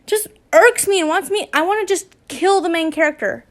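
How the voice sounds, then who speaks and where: Casual host, woman, high-pitched, rambles between chat and stumbling fanfiction reading. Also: moderate pace. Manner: rambling, stumbles and restarts often while reading. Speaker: fanfiction reader and channel host.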